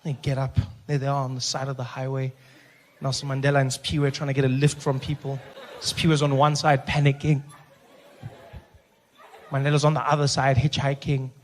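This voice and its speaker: A South African man in his thirties doing stand-up, telling a story with an animated, repetitive rhythm. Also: medium pitch, normal speed, long pauses, slight background noise. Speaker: stand-up comedian.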